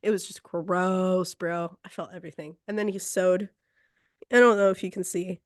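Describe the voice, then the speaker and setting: A woman's voice: fairly low pitch, fairly even intonation, normal speed, no room sound, clean studio sound. A woman podcast host casually telling a story, acting out quotes and laughing between lines.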